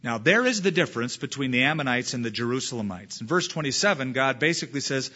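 A man's voice: mid-range voice, animated, fast talker, few pauses, bright, forceful tone, dull audio. A man pastor preaching a sermon, reading scripture aloud with emphatic delivery.

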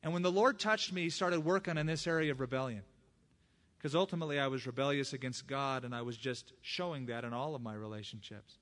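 A male preacher delivering an expressive sermon. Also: mid-range voice, fast talker. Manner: expressive preaching that acts out quoted speech; personal testimony.

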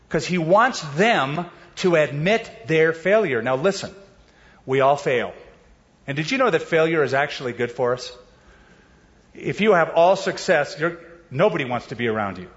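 A man preaching a sermon in a lively, casual way, mixing slang with scripture and acting out the voices in the stories with sudden leaps in pitch. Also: dull audio. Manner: animated preaching, acting out quoted voices with big pitch jumps. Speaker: pastor.

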